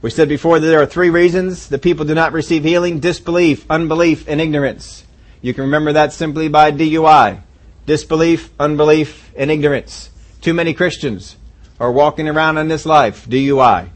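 A man's voice: fairly high pitch, steady tone, a little fast. Conversational male pastor preaching. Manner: storytelling, conversational. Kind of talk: sermon.

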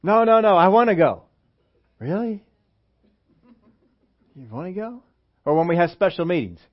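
Animated man preaching a sermon. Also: high-pitched, normal speed. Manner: animated, acts out quotes, asks the congregation questions. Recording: dull lo-fi sermon recording.

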